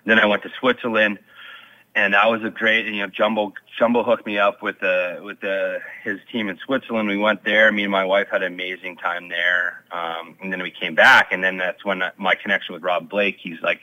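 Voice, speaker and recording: A man's voice: low-pitched, level tone, normal speed, pushed and bright, dry recording, lo-fi sound. A former pro hockey player in his thirties, telling his story in an interview with many fillers and restarts.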